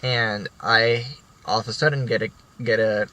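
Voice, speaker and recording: A man's voice: on the low side, level tone, moderate pace, pushed and bright, rough recording. A young man casually telling rambling stories from school, with frequent restarts and some swearing. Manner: rambling, profane, many restarts. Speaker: vlogger. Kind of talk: casual storytelling.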